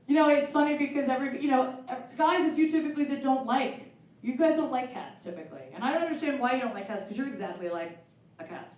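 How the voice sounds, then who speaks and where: A woman in her forties doing a self-mocking stand-up set on a live stage, chatty and quick to laugh. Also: sits high, lively intonation, a little mellow. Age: 40s. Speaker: stand-up comedian. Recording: roomy live hall from far off.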